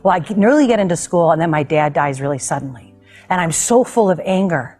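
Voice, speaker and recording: A woman's voice: lowish voice, a little fast, breathy edge, soft background music. Woman talk host telling a heartfelt story. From United States. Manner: animated, emotional storytelling with laughter. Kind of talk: personal storytelling to a guest.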